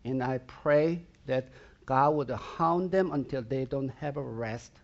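A man's voice: medium pitch, slow, highs cut off. A man preaching a sermon, emphatic and direct, who keeps asking the congregation whether they are with him. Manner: emphatic preaching with repeated rhetorical questions to the congregation. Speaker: pastor.

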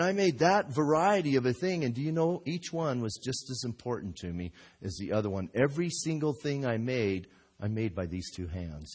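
A middle-aged man preaching a sermon in a church, telling folksy stories and acting out voices with big jumps in pitch and loudness. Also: slightly rough. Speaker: pastor.

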